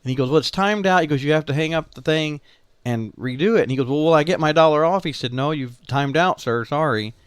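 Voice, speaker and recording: Chatting casually on a podcast, a co-host with a Southern Illinois accent spins a long family tale and performs the quoted voices of the people in it with lively flair. His voice runs high and quick, with a clean tone and no echo.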